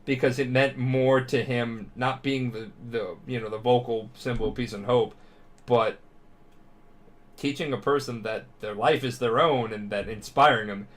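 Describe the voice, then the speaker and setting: A man's voice: medium pitch, moderate pace. A drunk man co-hosts a podcast and recaps a story at length. His voice sits in a middle range. He rambles, swears freely and keeps restarting his sentences. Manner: rambling, profane, animated. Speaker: podcast co-host. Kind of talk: casual podcast retelling.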